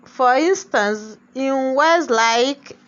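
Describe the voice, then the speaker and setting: A woman with a slightly high voice gives a language lesson. She switches between Yoruba and English and keeps asking "what?" to draw answers from her class. The sound is muffled and lo-fi. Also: drawn-out words, fairly bright tone. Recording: dull lo-fi sound.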